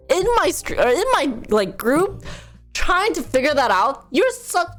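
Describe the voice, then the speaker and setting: A woman's voice: fairly high pitch, a bit bright. A young woman streamer chatting casually with her viewers, ranting with animation, laughing often and mimicking other people.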